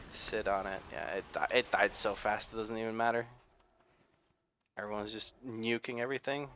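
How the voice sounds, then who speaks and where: A man's voice: on the low side, fairly bright tone, a little hiss or hum. A man with an American accent, English not his first language, chatting casually through gameplay with rambling asides. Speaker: gaming video creator.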